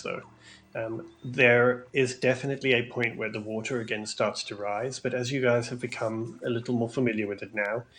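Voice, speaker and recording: A hesitant man narrating a tabletop game as game master, with a voice of middle pitch. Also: fairly bright tone, a little hiss or hum. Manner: hesitant, full of ums, kind of. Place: home room.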